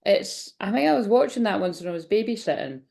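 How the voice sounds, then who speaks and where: Creaky-voiced woman chatting through a tarot reading. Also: medium pitch, expressive, quick pace, a little mellow. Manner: rambling, chatty, frequent laughs. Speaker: tarot reader. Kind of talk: casual channeled tarot reading.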